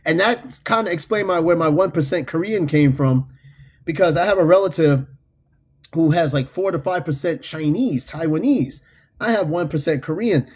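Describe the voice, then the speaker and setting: A man hosting a podcast, chatting casually and reading out listener comments in a loose, profane, animated way. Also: a little high, normal speed, breathy edge. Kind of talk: casual unscripted chat.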